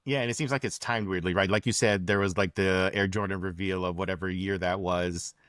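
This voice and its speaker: A man co-hosts a podcast in relaxed chat, with a fairly low voice. He teases his partner in an upbeat way and laughs often. The recording is close and dry. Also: a little fast, no echo. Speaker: podcast co-host. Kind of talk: casual chat.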